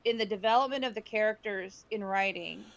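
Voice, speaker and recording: A woman's voice: medium pitch, a little fast. A woman co-hosting a podcast, pushing back earnestly with hesitant restarts in casual talk. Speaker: podcast co-host. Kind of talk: casual discussion.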